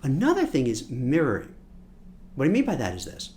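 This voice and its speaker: Animated Brooklyn-raised male career coach. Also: mid-range voice, a little fast, slight background noise. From Brooklyn, New York. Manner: animated, repeats words, acts out quotes. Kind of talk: coaching masterclass talk.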